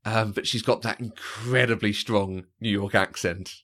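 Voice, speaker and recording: Lower-voiced man chatting about films. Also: a little slow. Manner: animated, often acting out quoted lines. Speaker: podcast co-host. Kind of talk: casual chat about films.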